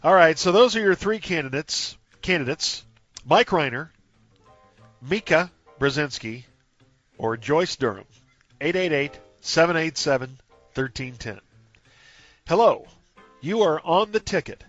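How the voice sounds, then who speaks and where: A man's voice: fairly high pitch, animated, unhurried, lo-fi sound, faint music behind. Upbeat male sports radio host. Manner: laughing, upbeat, loud greetings to callers. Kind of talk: casual radio banter and call-taking.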